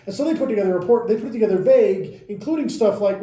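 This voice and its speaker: Dark-voiced man explaining in a roomy space. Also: high-pitched, animated, racing. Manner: recounts events step by step, corrects himself mid-sentence. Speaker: podcast co-host. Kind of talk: casual explanatory chat. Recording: roomy echoey room.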